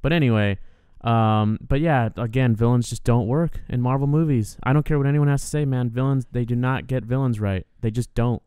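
A man's voice: mid-range voice, fairly quick, hardly any pauses, dark tone, smooth, no room sound, studio quality. A man co-hosting a casual film podcast, opinionated and rambling, with lots of fillers. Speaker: podcast co-host. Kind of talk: casual film review chat.

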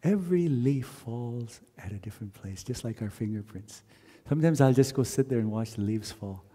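A man from Canada leading a wedding ceremony, telling stories in a gently reflective way and now and then chanting verses. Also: medium pitch, animated, moderate pace, breathy edge. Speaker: wedding officiant. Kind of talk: wedding sermon with sung verses. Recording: long hall reverb.

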